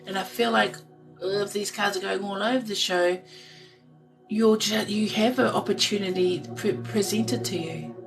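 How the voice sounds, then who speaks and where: Soft-spoken woman giving a card reading. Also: medium pitch, fairly even intonation, creaky, recorded from a distance, over music, low-quality recording. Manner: soft, slow and meditative, reading card text aloud. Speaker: intuitive card reader. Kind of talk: live tarot-style card reading.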